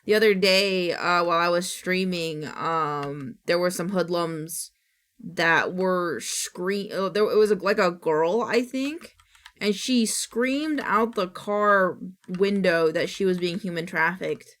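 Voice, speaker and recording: A woman's voice: lowish voice, slow pace, fairly bright tone. A woman streamer chatting casually to her viewers, rambling with frequent restarts and casual swearing. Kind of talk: casual live-stream chat.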